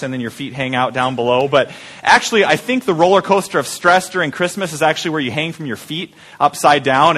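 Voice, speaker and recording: A man's voice: fairly high pitch, fairly bright tone. A man preaching a conversational sermon as pastor, often repeating words and asking the congregation questions. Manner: halting with frequent repeated words.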